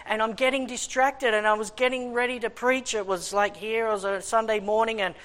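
A man's voice: high voice, clear, resonant tone. A man preaching a sermon and reading scripture, telling personal stories with lots of restarts. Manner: animated storytelling with many restarts; reads scripture in a raised, deliberate voice. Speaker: preacher and schoolteacher.

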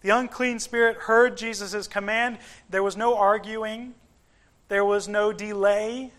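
Slow, high-voiced male preacher. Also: steady tone, a bit bright. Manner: measured, emphatic, with pauses. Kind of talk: sermon.

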